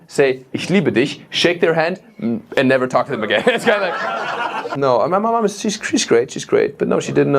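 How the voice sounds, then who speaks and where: A man's voice: a little high, slight background noise. A man from Germany with a German accent, doing stand-up crowd work in a comedy club and teasing the audience with frequent laughs. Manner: teasing, laughing between lines.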